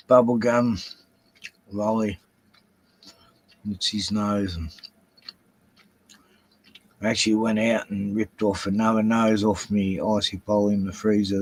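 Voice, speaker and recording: A man's voice: on the low side, poor audio. An older Australian man rambling through a casual solo livestream at home, swearing freely as he drifts between topics. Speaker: livestream host.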